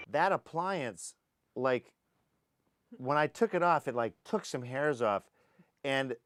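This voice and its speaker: Animated man telling lively film-set stories. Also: mid-range voice. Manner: lively storyteller who acts out sounds and voices. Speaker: actor recalling a film shoot.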